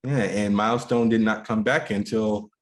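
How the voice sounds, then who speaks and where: Fairly low and fairly even in intonation, this man's voice moves at normal speed as he co-hosts a podcast. He chats casually to listeners, rambling with fillers and restarts before trailing off softly.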